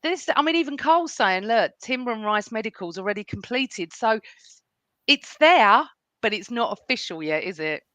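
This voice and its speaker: A woman's voice: a little high, expressive, moderate pace, fairly bright tone, dry recording, muffled recording. A woman hosting a casual football fan chat, talking at length and often addressing her guests by name. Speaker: host.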